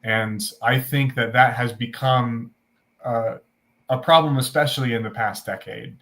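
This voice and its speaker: An earnest man co-hosts a casual podcast about faith. He talks in a halting way, stopping and restarting often. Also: mid-range voice, steady tone, fairly bright tone. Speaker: podcast co-host.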